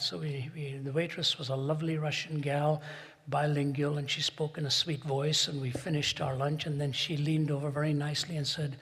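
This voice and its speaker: A man's voice: a little high, steady tone, a little fast, fairly bright tone, breathy edge. A man giving a public lecture, rhetorical and building to emphatic peaks, recorded in a large auditorium. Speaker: speaker. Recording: long reverb in a big hall.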